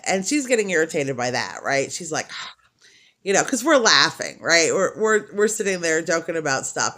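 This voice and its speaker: Woman, middle-aged, crochet vlogger, rambling, chatty, very lively pitch. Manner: rambling, chatty, laughs often. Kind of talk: casual storytelling chat.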